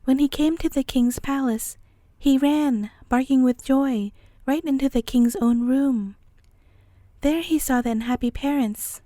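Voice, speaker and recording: Calm woman reading a bedtime story. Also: high voice, unhurried, dry recording.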